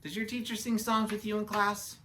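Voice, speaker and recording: A woman's voice: medium pitch, level tone, brisk, bright, forceful tone, slight background noise. A woman reading a children's picture book aloud, adding playful, chatty asides to young listeners. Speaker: children's story reader.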